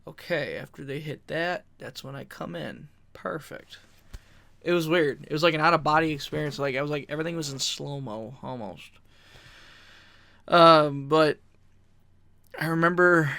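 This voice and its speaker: Man, casual storytelling, gravelly, bright and sharp, dry close sound, laughs often. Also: fairly high pitch, no echo. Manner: animated, laughing, acts out quotes; swears casually. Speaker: podcast guest.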